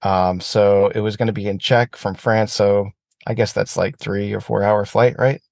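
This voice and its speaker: Gravelly man, casual profane chat. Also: on the low side, normal speed, no room sound. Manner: profane, animated rants.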